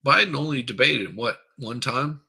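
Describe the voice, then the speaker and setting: A middle-aged male livestream host with a gravelly, husky edge and a very bright, forceful tone. He rants in a crude, profane, mocking way, rambling from one jab to the next. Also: mid-range voice, moderate pace. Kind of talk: crude comedic political rant.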